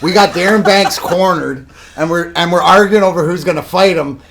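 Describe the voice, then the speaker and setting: A middle-aged man, a former hockey tough guy, telling animated stories in a casual chat. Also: moderate pace, a crowd in the background. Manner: animated, shifts pitch for dramatic storytelling. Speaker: podcast host, former hockey enforcer.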